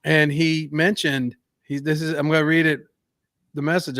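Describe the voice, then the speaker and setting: A man's voice: fairly high pitch, steady tone, normal speed, pushed and bright, dry recording, clean studio sound. An American man co-hosting a podcast, talking in an earnest, emphatic, somewhat preachy way. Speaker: podcast co-host. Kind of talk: casual podcast talk.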